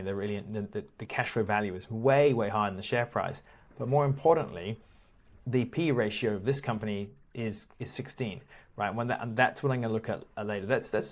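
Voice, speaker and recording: A man with a lowish voice talks through stock reports on screen in a relaxed, teacherly way. He restarts and repeats words often and lets out the odd chuckle as he explains. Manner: casual, repeats words often, laughs now and then. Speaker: investing educator. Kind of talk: screen-share walkthrough.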